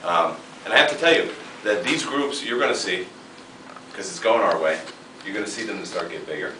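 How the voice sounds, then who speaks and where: Fired-up guy in his 30s giving a seminar pep talk, lowish voice, mic far off in a roomy hall. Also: lively intonation, normal speed, background noise. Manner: fired-up, emphatic. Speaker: seminar speaker. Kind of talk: motivational talk. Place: seminar room. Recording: echoey room, mic far off.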